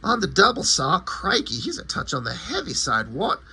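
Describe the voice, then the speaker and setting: A man voicing a proper, fussy gentleman gorilla with a put-on British accent. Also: on the high side, wildly swooping pitch, moderate pace, slight background noise, heavily acted. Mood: flustered.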